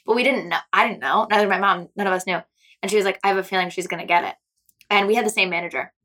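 Young woman guest, quick and bright, a rambling storyteller leaning on filler words. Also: mid-range voice, fairly even intonation. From Seattle, United States. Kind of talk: casual storytelling chat.

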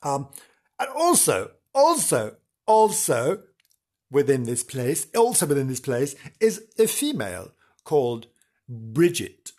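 A man's voice: mid-range voice, wildly swooping pitch, slow, darkish tone. A man presenting in a theatrical, camp way, telling spooky stories with gasps and playful asides. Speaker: radio-style presenter. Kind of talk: comic spooky storytelling.

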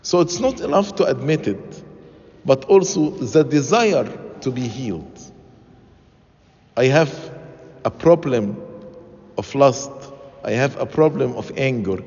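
A man preaching a sermon, deliberate and emphatic, repeating his key phrases. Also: medium pitch, lively intonation, darkish tone. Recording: dull lo-fi sound with long church reverb.

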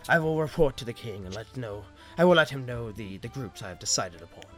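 A man voicing a shifty, smirking male royal advisor who speaks in a low, sly tone. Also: expressive, a little fast, faint music behind, lightly acted.

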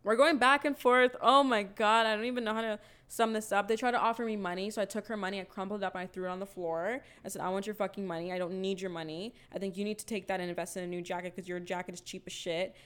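This young woman's casual storytelling is animated and profane, with the quoted lines acted out energetically. She is a fast talker with few pauses, and her medium-pitched voice is clear and resonant.

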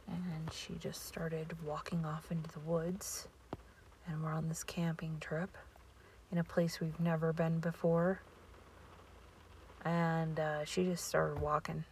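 A woman podcaster unspools a rambling personal story at an unhurried, drawn-out pace. Her voice sits fairly low and carries a gravelly fry, and she often sinks into breathy near-whispers. A faint ambience hums behind her. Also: flat delivery, a little hiss or hum. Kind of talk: casual storytelling monologue.

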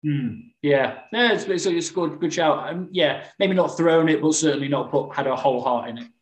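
A man's voice: on the high side, moderate pace. Rambling man in an echoey room. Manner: rambling, frequent restarts and fillers. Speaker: podcast co-host. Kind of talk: casual podcast chat. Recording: roomy echo.

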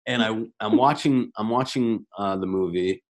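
A man's voice: fairly low pitch, moderate pace. A man guesting on a podcast, telling stories in a casual chat, laughing often and restarting his sentences. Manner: animated storytelling, laughs often; repeats words, stumbles and restarts.

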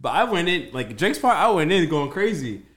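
A man co-hosting a podcast, chatting in an animated, laughing way. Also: on the high side, fairly quick. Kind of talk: casual podcast chat.

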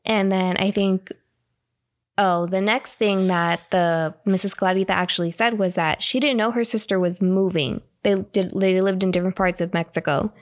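A podcast co-host with a medium-pitched voice, speaking at normal speed, tells a spooky story in casual conversation. She's animated, acting out the quotes with feeling.

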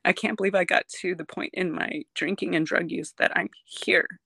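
A gravelly, bright-edged voice recounting a hard personal story in an interview, earnest and emotional. It stops and restarts often, filling gaps with ums. The sound is close and dry, with no room around it. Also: mid-range voice, steady tone, no room sound. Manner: halting, with frequent ums and restarts. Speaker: guest sharing a recovery story.

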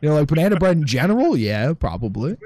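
A man's voice: fairly high pitch, very animated, fast, darkish tone, no room sound. A man co-hosting a podcast in casual chat, loose and profane, full of fillers. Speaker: podcast co-host.

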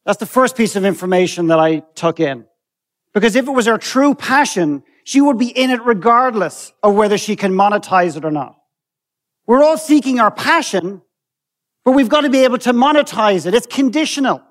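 High-voiced Irish man telling a story. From Ireland. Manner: storytelling, acting out dialogue. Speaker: speaker on stage. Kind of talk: storytelling talk. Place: stage.

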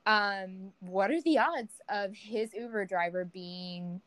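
A young woman co-hosting a podcast, chatting casually and telling an animated story, acting out quoted people with big pitch jumps. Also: takes it slowly, no echo, low-quality recording. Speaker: podcast co-host. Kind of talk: casual chat.

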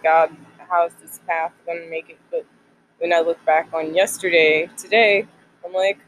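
Someone in their twenties, a college student sharing a faith devotional, talks at a medium pitch over a little hiss or hum in a rough recording. They ramble casually about faith and college life, using lots of filler words.

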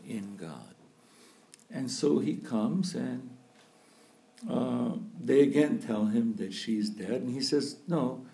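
A man preaching in a slow, unhurried way, his voice low and gravelly. He talks like a priest reflecting aloud before his congregation, often stopping with small fillers as he gathers his thoughts. The tone is dark and mellow. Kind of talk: sermon.

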